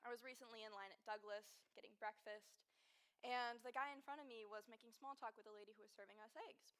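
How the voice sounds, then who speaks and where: A woman's voice: fairly high pitch, steady tone, fairly quick, fairly bright tone, clear, resonant tone. A young woman, a university student, giving an earnest prepared talk to an audience, telling stories and recounting what people said. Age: young adult. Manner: earnest storytelling with recounted dialogue. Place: indoor event room before an audience.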